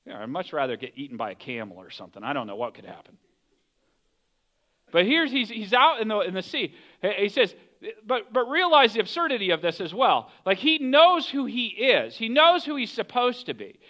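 A male pastor delivering a sermon in a high, lively voice with a bright edge. He tells the story animatedly, slipping into the voices of its characters. The recording sounds somewhat dull and lo-fi. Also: normal speed.

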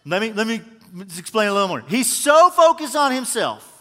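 Pastor guy, kinda high voice, preaching w jokes, big echoey hall. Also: moderate pace. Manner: animated, humorous storytelling with shifts in volume. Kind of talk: sermon. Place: church auditorium. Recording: long hall reverb.

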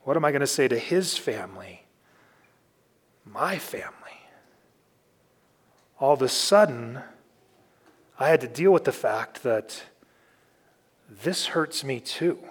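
A man's voice: medium pitch, animated, slow pace, pauses often, breathy edge. A man, a pastor, giving a conversational sermon, telling personal stories candidly and with self-deprecating humor.

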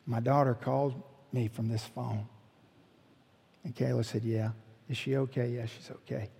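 A man's voice: mid-range voice, measured pace, gravelly, husky. A middle-aged man, a pastor telling a story in a sermon and acting out the people in it. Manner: animated storyteller, voicing the people in his story. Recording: long hall reverb.

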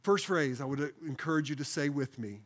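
Earnest pastor closing a sermon. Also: male voice, a little high, lively intonation. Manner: slows to repeat phrases with congregation; earnest, pleading prayer. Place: church sanctuary, broadcast service.

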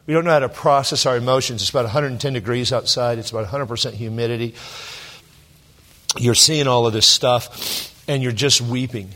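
A middle-aged man from Southern California, a pastor telling a personal story in a sermon, emotional and halting with many restarts. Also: mid-range voice, sharp tone.

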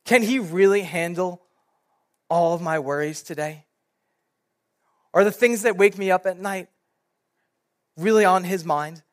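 A young man, a youth pastor, giving a sermon and telling a personal story in a casual, animated way. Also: high voice, a little slow, pauses often.

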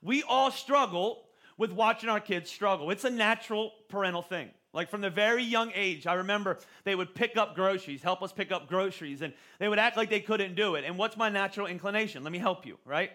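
A pastor in his forties preaches in a relaxed, conversational way, often restarting phrases with repeated words. His voice sits high for a man and sounds bright and forward. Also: a little fast. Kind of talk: sermon.

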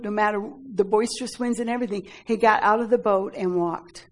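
Woman, Bible study teacher; earnest, halting scripture reading and teaching. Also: mid-range voice, fairly even intonation, low-quality recording. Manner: earnest, with frequent fillers and "Amen?" prompts.

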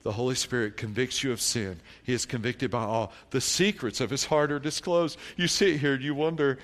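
A male pastor delivers a sermon, recounting a tale from his congregation and quoting its members. He shifts from hushed, low-pitched reflection to loud, stretched-out emphatic statements, with his intonation staying fairly even.

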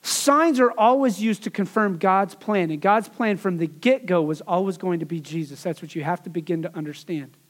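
A man's voice: sits high, moderate pace, few pauses. A man preaching a sermon as pastor, in a conversational way, with asides and repeated phrases.

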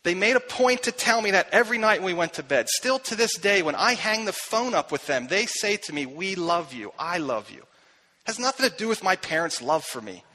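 A pastor delivers a sermon story in a fairly high, bright, forceful voice. He is earnest and confessional, and he sinks to a hushed tone whenever he quotes someone. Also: lively intonation, fairly quick, rough recording. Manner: earnest, confessional, drops soft and quiet when quoting.

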